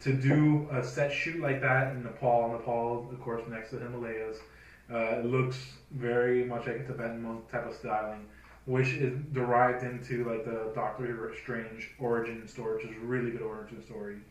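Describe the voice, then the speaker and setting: A man's voice: mid-range voice, flat delivery, normal speed. Man hosting, echoey room, distant mic. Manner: leads the discussion, asks the panel questions. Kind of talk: casual panel chat. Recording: roomy echo, distant mic.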